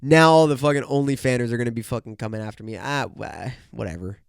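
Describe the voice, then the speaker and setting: A young man hosts a casual solo podcast on a podcast microphone, rambling and joking with lots of swearing while sounding congested and nasal. His mid-range voice is fast, gravelly, and smooth, in studio-quality audio with no room sound.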